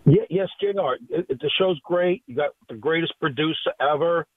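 A man's voice: on the high side, moderate pace, slightly rough, no echo. An older man from the Northeast United States calling in to a radio show, rambling and stammering in a friendly way. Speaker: caller. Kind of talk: radio call-in. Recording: tinny phone line.

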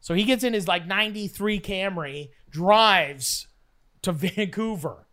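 A young woman from Canada telling a wild story casually, swearing freely and animated. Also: medium pitch, a little slow.

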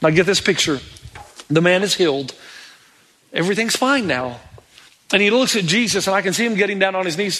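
A middle-aged man preaching a sermon as a pastor, animated, acting out the pleading voices of people in the story. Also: sits high, fairly quick.

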